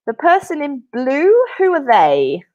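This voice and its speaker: Cheery english teacher lady, kinda high voice, muffled webinar audio, keeps saying fantastic. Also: wildly swooping pitch, measured pace, darkish tone. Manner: upbeat, encouraging, says "fantastic" often. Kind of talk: online English lesson.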